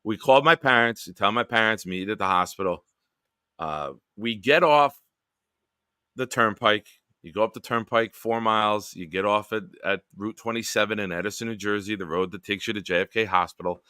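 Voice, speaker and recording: Man, live stream host, lowish bright voice, profane animated storytelling, dry sound. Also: moderate pace, clean tone, dry recording. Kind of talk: casual late-night storytelling.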